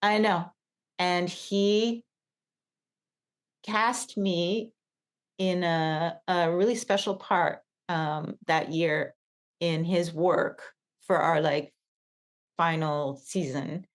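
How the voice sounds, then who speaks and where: A middle-aged woman on a podcast, telling a personal story in a casual, animated way with many fillers. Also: fairly low pitch, very slow, pauses often. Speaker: podcast co-host.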